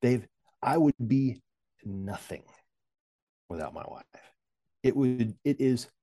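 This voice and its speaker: A man's voice: medium pitch, animated, takes it slowly, mellow. A man in his forties talking candidly in a casual interview, rambling with many fillers and restarts and joking at his own expense. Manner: self-deprecating humor. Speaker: podcast guest.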